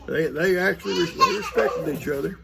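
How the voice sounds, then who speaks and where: An older man vlogging from a farm reads out viewer mail outdoors in a folksy, rambling way, stopping mid-sentence to talk to his grandkids. His voice is a little high and gravelly, he speaks fairly quickly, and the background is noisy.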